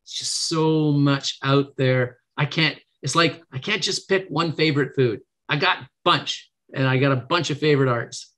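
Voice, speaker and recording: A man's voice: a little high, normal speed, hardly any pauses, fairly bright tone. A middle-aged man, a guest on a podcast interview, talking in an earnest, motivational way and acting out quotes in a lifted voice. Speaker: podcast guest, negotiation trainer. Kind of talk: casual interview.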